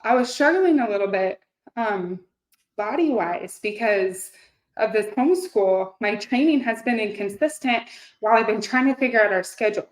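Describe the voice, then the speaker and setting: A woman's voice: medium pitch, animated, normal speed. A woman in her thirties talking earnestly and casually to her viewers, with many fillers and restarts. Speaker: host. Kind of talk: casual motivational talk to camera. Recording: echoey room.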